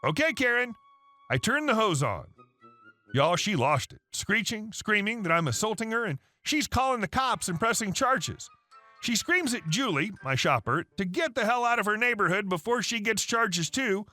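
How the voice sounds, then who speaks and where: A man narrating reddit stories aloud in an animated storytelling manner. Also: high-pitched, moderate pace. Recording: faint background music.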